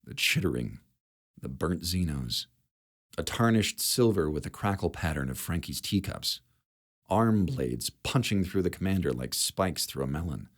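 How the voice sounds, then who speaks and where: A man narrating a sci-fi audiobook chapter in a steady, measured way. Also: sits low. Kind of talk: scripted narration.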